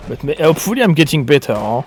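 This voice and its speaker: A man's voice: on the high side, very animated, quick pace, a little hiss or hum. Muttering gamer man. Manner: muttering to himself while searching. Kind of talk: casual gameplay commentary.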